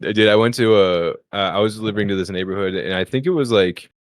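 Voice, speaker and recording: A man's voice: fast talker, dry recording, studio quality. A man co-hosting a comedy podcast who tells casual stories and acts out the people in them. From Philadelphia area. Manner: chatty, acts out the people in his stories in a higher voice. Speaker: podcast co-host.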